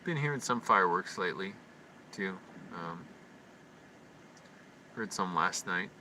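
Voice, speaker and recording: A man rambling through a late-night livestream monologue, talking quietly and anxiously to himself with frequent restarts. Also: sits low, animated, unhurried. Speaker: live streamer. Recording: distant mic with constant hum.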